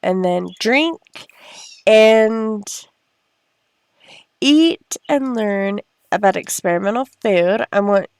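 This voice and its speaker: A woman's voice: medium pitch, slow pace, long pauses, darkish tone, clear, resonant tone, no room sound, studio quality. A woman chatting casually over her life-sim gameplay, talking to her characters and her viewers. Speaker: gameplay narrator. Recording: faint background music.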